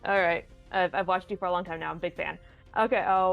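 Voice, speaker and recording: Gravelly-voiced woman hosting a game stream q&a, playful and rambly, faint music behind. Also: lowish voice, quick pace, lo-fi sound. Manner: playful and chatty, rambling with many restarts. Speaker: stand-in host answering viewer questions. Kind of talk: casual live-stream chat.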